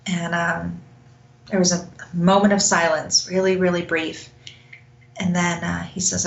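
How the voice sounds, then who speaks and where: A woman guest telling a personal story in an earnest way, often laughing softly between sentences. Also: on the low side, level tone, unhurried, vocal fry, a little hiss or hum. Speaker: interview guest. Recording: roomy echo.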